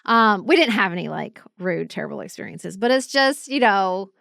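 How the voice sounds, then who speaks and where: A woman's voice: medium pitch, expressive, moderate pace, creaky, fairly bright tone, no room sound, studio quality. A woman, co-hosting a podcast and chatting in a casual way, telling travel stories and acting out the people she met. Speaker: podcast co-host. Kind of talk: casual chat.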